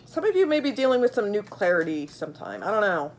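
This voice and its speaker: A woman's voice: medium pitch, big pitch swings, quick pace, a little hiss or hum. A woman giving a casual tarot reading, blunt and profane, talking to viewers with lots of fillers and repeats. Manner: blunt, swears freely, many fillers; chatty, repeats herself while pulling cards. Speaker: tarot reader.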